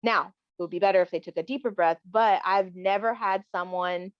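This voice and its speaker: A woman guest in an easygoing conversation, speaking at a middle pitch and thinking aloud. She is candid and reflective, and slips into the voices of her own remarks. The sound is dull and lo-fi, with a dry, close feel. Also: fairly even intonation, a little fast, clear, resonant tone, dry recording. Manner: candid, reflective, acts out quoted lines. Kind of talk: casual chat.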